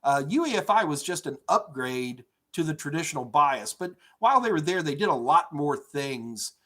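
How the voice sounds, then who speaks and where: A middle-aged male tech instructor answers chat questions on a live stream from his home office. His voice sits a little on the high side, and his delivery is energetic, loose and full of fillers. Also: moderate pace. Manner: energetic, chatty, rambling with many fillers. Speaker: IT certification instructor.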